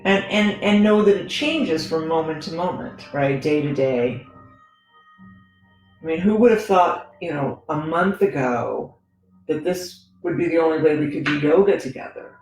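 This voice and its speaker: A woman leads a gentle yoga practice, talking through each pose in an easy, conversational manner and often checking in with her listeners. Her voice bounces around a very reverberant room while soft music plays faintly underneath. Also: low-pitched, expressive, measured pace. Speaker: yoga teacher. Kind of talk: guided yoga instruction.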